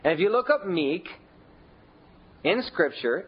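A man preaching a sermon in a conversational way, leaning hard on key words with big shifts in pitch and volume. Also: big pitch swings, a little slow, long pauses, husky, highs cut off. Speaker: pastor.

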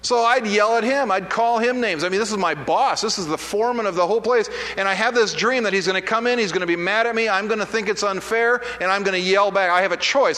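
Male pastor, high and bright, conversational sermon storytelling, long hall reverb. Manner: conversational, self-deprecating storytelling with many restarts.

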